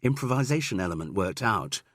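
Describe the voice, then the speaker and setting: A man voicing a shrewd middle-aged woman amateur sleuth who talks in a brisk, coaxing way with small stammers. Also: fairly low pitch, big pitch swings, a bit bright, no room sound, clean studio sound.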